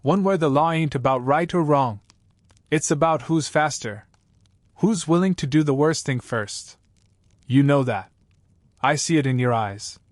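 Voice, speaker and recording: A man voicing a wounded, grinning outlaw who talks in a calm, unhurried, taunting drawl, from a dry recording. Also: a little high, dry recording, close to an everyday voice. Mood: persuasive.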